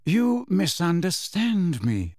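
A man voicing a calm elderly wizard headmaster who speaks in a measured, quiet, grave way. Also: high voice, gravelly, dry recording, clean studio sound, pitched above the performer's own voice, exaggerated voice.

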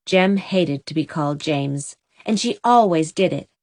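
Woman audiobook narrator, steady expressive storybook reading, dry close sound. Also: low voice, unhurried, no echo.

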